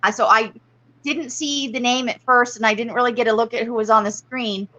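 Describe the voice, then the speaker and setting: A woman guest chats casually on a live stream, her voice bright and sharp. She rambles a little as she tells things. The sound is a bit muffled. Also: fairly high pitch, fairly even intonation, fairly quick.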